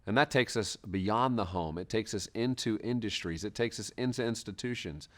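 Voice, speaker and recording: A man giving a scripted introduction to a teaching series, with a steady, measured delivery in listed phrases. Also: lowish voice.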